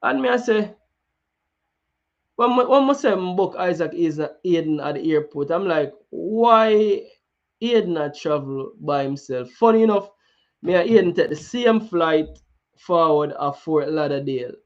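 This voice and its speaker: A man's voice: a little high, lively intonation, moderate pace. Jamaican man chatting football, lo-fi. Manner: mixes Jamaican patois into chatty talk with many restarts. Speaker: football channel host. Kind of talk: casual chat.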